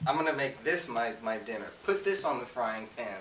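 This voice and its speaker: A man's voice: medium pitch, lively intonation, a little fast, fairly bright tone. A man co-hosting a casual news chat, laid-back and joking. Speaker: co-host. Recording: echoey room, far from the mic, faint noise.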